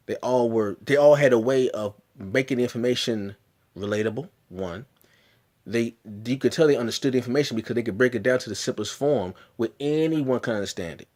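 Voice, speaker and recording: Guy telling his own story on camera, earnest, keeps repeating himself, middling pitch. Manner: earnest, emphatic, frequent restarts and repetitions. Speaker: vlogger. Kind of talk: personal storytelling.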